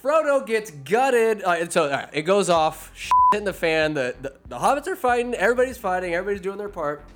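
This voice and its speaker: A man's voice: high voice, lively intonation, fast, fairly bright tone. A man giving a casual, comedic movie recap, rambling and profane with sarcastic asides.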